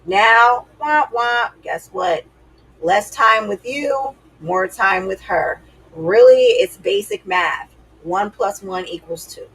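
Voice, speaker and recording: A woman's voice: medium pitch, animated, takes it slowly, a bit bright, breathy edge, low-quality recording. A woman giving dating advice to her viewers in a sassy, emphatic, casual way. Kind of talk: casual advice talk to camera.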